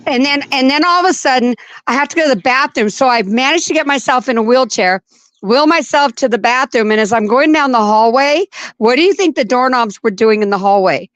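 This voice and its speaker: A woman telling a personal story in casual chat, animated and laughing as she acts out her own panic. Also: high-pitched, brisk, no room sound.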